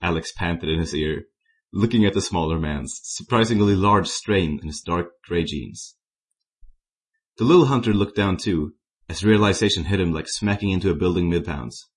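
A man's voice: sits low, normal speed, husky. A man reading a fan-written story aloud, with a plain delivery and some slips and self-corrections. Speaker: story reader.

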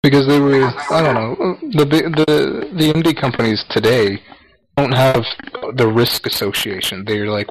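A man's voice: medium pitch, steady tone, moderate pace, low-quality recording. A man with a Canadian accent, co-hosting a casual podcast in a blunt, jokey way and swearing freely. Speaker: podcast co-host.

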